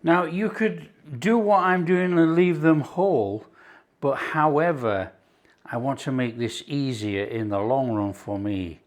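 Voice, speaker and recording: A man's voice: mid-range voice, a little slow. A man with a Yorkshire accent hosting his own cooking channel, chatting enthusiastically and explaining each step as he cooks. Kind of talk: casual cooking demonstration.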